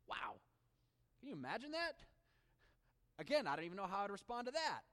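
Male pastor with a high, lively delivery, preaching a sermon that moves between emphatic scripture reading and quiet asides; long reverb. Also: fairly quick, long pauses. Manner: animated preaching, dropping to hushed intimate tones.

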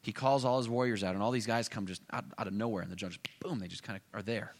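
A male preacher telling a story in a sermon. He swings between loud bursts and hushed asides. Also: on the low side, fairly even intonation, quick pace. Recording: echoey hall.

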